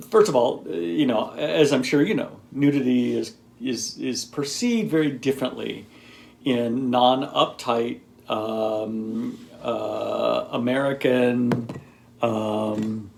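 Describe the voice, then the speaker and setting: A man's voice: medium pitch, creaky, darkish tone. A man talking casually to camera, rambling and explaining in a teacherly way with lots of ums and asides. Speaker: video blogger.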